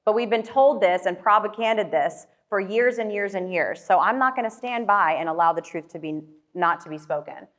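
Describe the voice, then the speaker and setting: A woman's voice: mid-range voice, moderate pace, few pauses, fairly bright tone. A woman motivational speaker telling a personal story to an audience in a casual way, with many fillers and questions thrown to the crowd.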